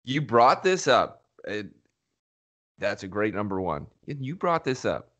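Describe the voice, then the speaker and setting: A man co-hosting a podcast, chiming in with dry, wry asides and casual swearing. His voice sits fairly low and stays easygoing. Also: sing-song, measured pace, fairly bright tone. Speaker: podcast co-host. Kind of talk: casual chat.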